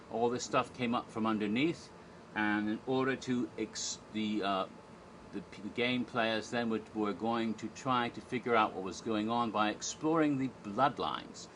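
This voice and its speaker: A theme park event historian, his voice fairly low and fairly bright, offers a casual recap of a live show from memory. He rambles with enthusiasm, with many fillers and restarts, over a little hiss or hum.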